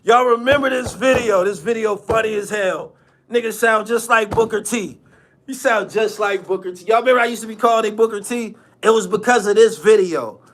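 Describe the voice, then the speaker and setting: A man's voice: high-pitched, fairly quick. A man hosting his own channel, ranting casually in a mocking tone, repeating phrases and laughing often. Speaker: channel host. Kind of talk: casual vlog rant.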